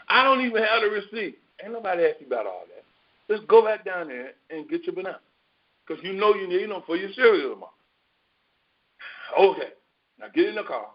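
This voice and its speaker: A man with a fairly high voice preaches in a relaxed, storytelling way, slipping into casual speech and acting out the lines of his own anecdotes. The recording is dull and lo-fi. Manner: animated, colloquial, acts out his own dialogue. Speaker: spiritual teacher.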